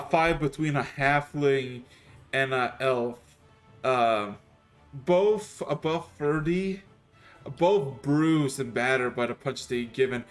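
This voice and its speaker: A man guides his players through a tabletop scene, pausing and restarting as he searches for words. His voice sits at a middle pitch. Quiet music plays underneath. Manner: halting, restarts sentences while describing scenes. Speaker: game master. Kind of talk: narrating a tabletop game. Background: faint music.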